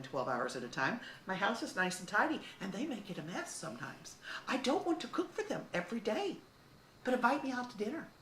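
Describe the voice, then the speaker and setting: A woman's voice: fairly low pitch, fairly bright tone, reverberant, a little hiss or hum, rough recording. A woman in her fifties giving heartfelt advice to camera, talking expressively and with emphasis. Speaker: video host.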